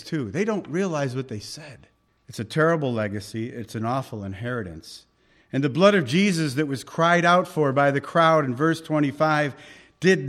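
A man preaching a sermon. He fires off rhetorical questions, then drops suddenly to a hush. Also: on the high side. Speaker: pastor.

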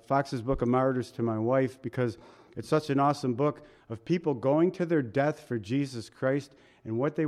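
A man's voice: mid-range voice, darkish tone. A man preaching a sermon in a casual, folksy way, asking the listeners questions and laughing at himself now and then. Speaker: pastor.

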